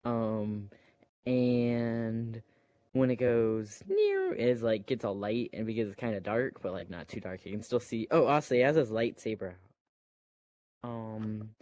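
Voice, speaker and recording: A man's voice: lowish voice, fairly even intonation, unhurried, darkish tone, dry recording. A man casually retelling a movie plot, hesitant and meandering, full of fillers and restarts, with playful sound effects. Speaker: storyteller.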